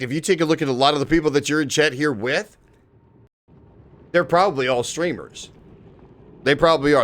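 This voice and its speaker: A man chatting casually on a live stream, excitable and swearing, shouting out viewers in chat. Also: a little high. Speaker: livestreamer.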